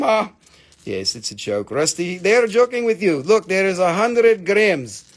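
High, lively joking male seller. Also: unhurried. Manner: joking, playful, bursts into song; counts items aloud, haggles down prices. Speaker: live-stream seller of minerals. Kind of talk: live sales stream.

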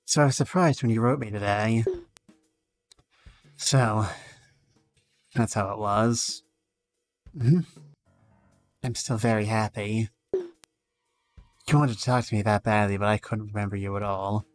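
A male streamer reading both sides of a game's dialogue aloud, with some lively rises. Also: fairly low pitch, unhurried, long pauses, soft background music.

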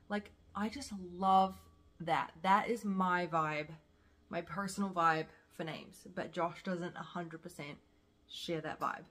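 A young woman with a New Zealand accent talks to the camera in a relaxed, gushing vlog chat. Her voice sits a little low for a woman, and she sounds enthusiastic and talkative. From South Africa. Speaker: vlogger.

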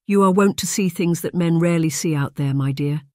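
An audiobook narrator voicing a kindly, mousy middle-aged aunt who speaks in a hushed stage whisper. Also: mid-range voice, brisk, no echo, studio quality, lightly acted. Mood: ominous.

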